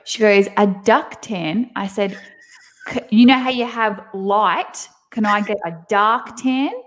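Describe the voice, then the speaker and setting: A young woman with a thick Australian accent, chatting casually as an interview guest over a video call from home. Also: mid-range voice. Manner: chatty, animated storytelling with quick laughs.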